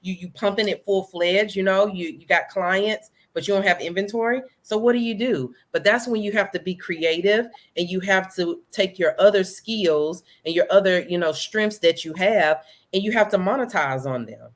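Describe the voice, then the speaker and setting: A woman guest entrepreneur in a casual live interview, talking in an animated way, addressing listeners as y'all. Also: medium pitch, moderate pace, hardly any pauses. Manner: animated, repeats "you know" and "right?", speaks to the audience as "y'all". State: throat catching, coughing.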